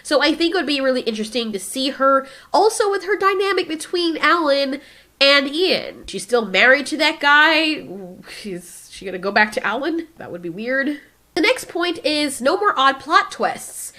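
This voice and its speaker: A woman's voice: high-pitched, moderate pace. A woman hosting a casual, opinionated film discussion, acting out scenes as she goes. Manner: opinionated, animated, acts out dinosaur lines. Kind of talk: casual commentary.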